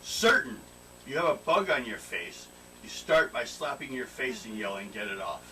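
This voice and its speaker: With lively intonation and a moderate pace, a man's mid-range voice narrates a tabletop role-playing session as game master. He laughs often and prompts players to roll dice, in a noisy, distant room recording.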